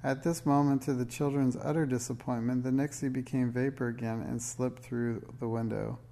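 A man reads a children's storybook aloud at a steady, gentle pace. His voice is mellow and dark with a gravelly texture underneath. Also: medium pitch, moderate pace. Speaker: reader. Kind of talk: storybook read-aloud narration.

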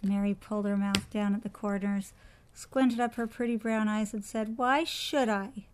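A woman reading a children's storybook aloud. Her delivery is expressive and practiced. The pitch sits in a middle range, with a storyteller's lilt. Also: moderate pace, noisy background.

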